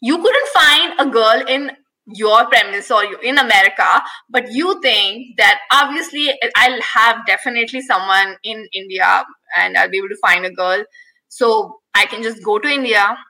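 Laughing, bright-voiced woman. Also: on the high side, normal speed, low-quality recording. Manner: candid, laughs often, rambling. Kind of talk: casual chat.

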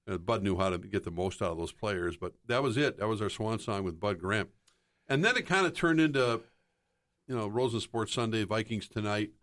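A man's voice: fairly low pitch, normal speed, a bit bright. An older man, a sports broadcaster, telling rambling stories in casual chat and taking on voices for quotes. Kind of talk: casual storytelling.

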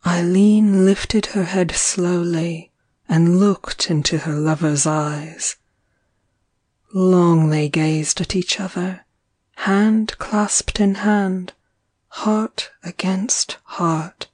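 A woman narrating a story in a measured, lyrical reading. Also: lowish voice, steady tone, a little mellow, dry recording. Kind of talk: audiobook narration.

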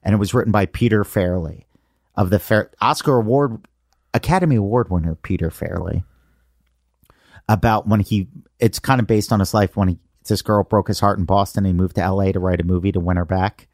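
Upbeat low-voiced man in his forties. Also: a little fast, a little mellow, no echo, studio quality. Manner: enthusiastic storytelling. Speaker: podcast host. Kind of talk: casual chat.

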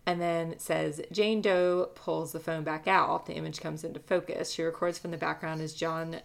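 Low, gravelly woman telling a story. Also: normal speed. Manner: relaxed, many fillers, reads a transcript aloud. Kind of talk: casual storytelling chat.

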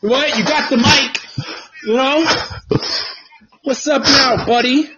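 A man co-hosting a podcast outdoors on a patio, talking loudly with profane, laughing banter. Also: very high-pitched, slow pace, dull audio, noisy background. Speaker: podcast co-host. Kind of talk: casual chat.

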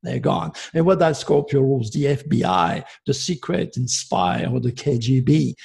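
A man talks as an astrologer guest on an interview. His voice is gravelly and husky. He explains in a rambling, emphatic way, jumping between ideas. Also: medium pitch, animated, normal speed, a little mellow. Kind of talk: rambling radio interview talk.

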